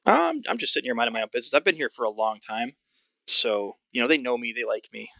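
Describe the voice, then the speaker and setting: A man's voice: medium pitch, big pitch swings, fast, vocal fry, bright, forceful tone, no echo, dull audio, full character voice. A man voicing an evasive carnival ticket scalper who denies everything and brushes people off. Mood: dismissive. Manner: denying, dismissive.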